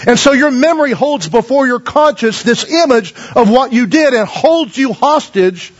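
High-voiced preacher man, lo-fi sound. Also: normal speed. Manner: folksy storytelling preacher, calls for amens. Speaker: pastor. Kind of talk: sermon.

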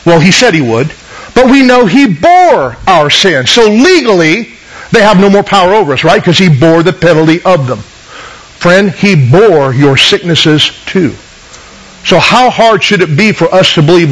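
A man's voice: high voice, lively intonation, moderate pace, a bit bright, rough recording. A man preaching a sermon with earnest teaching, reading scripture aloud and asking his listeners questions.

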